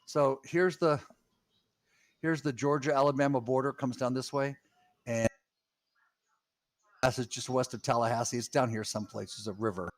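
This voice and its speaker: A man from Massachusetts streaming in casual chat, meandering and halting as he talks. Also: mid-range voice, fairly even intonation, no room sound. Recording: loud background noise.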